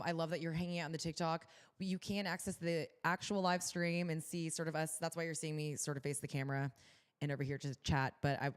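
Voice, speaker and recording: A woman's voice: sits low, clear, resonant tone. A young adult woman co-hosting a casual livestream chat, bubbly and upbeat with lots of fillers. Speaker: podcast co-host.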